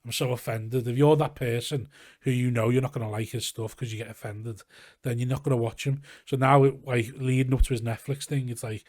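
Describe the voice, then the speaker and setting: Fast-talking Scouse man, dry close sound. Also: medium pitch, fairly even intonation, darkish tone, no echo. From Liverpool, England. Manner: rambling, swears freely, many restarts. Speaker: comedian guest. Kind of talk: casual podcast chat. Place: garage studio.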